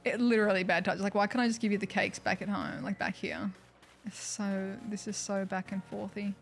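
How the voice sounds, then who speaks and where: A woman's voice: medium pitch, a little fast, vocal fry. A woman streaming a video game, chatting casually, thanking viewers and making wry asides. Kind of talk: casual livestream commentary.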